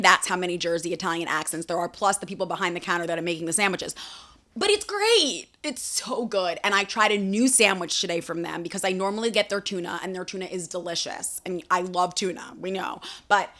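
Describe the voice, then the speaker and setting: A woman's voice: medium pitch, pushed and bright. Chatty woman podcast host eating on mic. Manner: chatty, enthusiastic, talks to her cat. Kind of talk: casual solo chat while eating.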